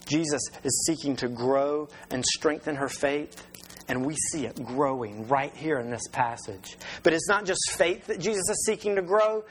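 A man's voice: on the high side, moderate pace, a little hiss or hum, poor audio. A man preaching a sermon as pastor in a conversational way, with rhetorical questions and restarts.

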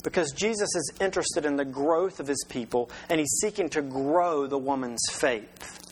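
A man's voice: fairly high pitch, normal speed, a little hiss or hum, poor audio. A man preaching a sermon as pastor in a conversational way, with rhetorical questions and restarts.

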